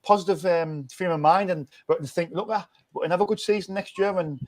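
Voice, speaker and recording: A man's voice: high voice, fairly quick. A man, hosting a casual football fan chat, rambling and restarting often in an upbeat way. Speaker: fan channel host.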